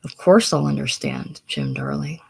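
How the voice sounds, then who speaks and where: A reader voicing a tender, protective young woman speaking gently, in a casual play reading. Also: medium pitch, huge pitch swings, normal speed, creaky, breathy edge, full character voice. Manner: gentle, soothing.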